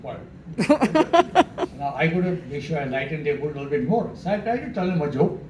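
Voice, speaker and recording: A dentist does stand-up storytelling, chuckling and acting out dialogue with animation. His voice is a little high and fast, with the highs cut off, and the distant mic gives a roomy sound with faint background noise.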